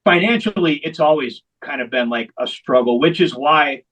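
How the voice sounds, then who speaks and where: Higher-voiced man telling his story. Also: animated, normal speed, fairly bright tone, rough recording. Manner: candid, emphatic repetition for stress. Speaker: founder of a veterans hockey program. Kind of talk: long-form interview storytelling.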